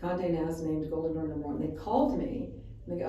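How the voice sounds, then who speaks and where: A woman spa executive telling stories in an interview, quick and lively, acting out dialogue. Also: deep voice, muffled recording. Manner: fast, lively storyteller who acts out dialogue. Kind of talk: conversational interview, storytelling. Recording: echoey room, mic far off, faint noise.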